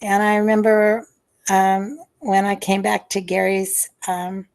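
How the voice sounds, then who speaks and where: Speaking slowly with vocal fry and little rise or fall in pitch, this medium-voiced older woman, once a nurse, shares memories over a video call. The interview is halting, packed with fillers and restarts, and broken by soft sighs.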